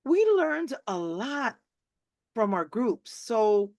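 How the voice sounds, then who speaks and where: A middle-aged woman hosting a live video chat, rambling warmly with many restarts and acted-out quotes. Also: a little high, very animated, very slow, no room sound, dull audio. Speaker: host. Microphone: video call.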